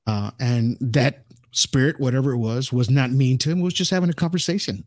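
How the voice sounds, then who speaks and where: A man's voice: mid-range voice, brisk, no echo. Rambling man, dry close sound. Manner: rambling, many restarts and "you know". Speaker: podcast guest, ufologist. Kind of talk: casual interview talk.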